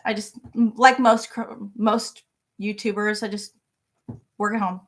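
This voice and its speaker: A woman's voice: mid-range voice, steady tone, measured pace. A middle-aged woman hosting a crochet live stream from her home office, chatting casually and greeting viewers by name.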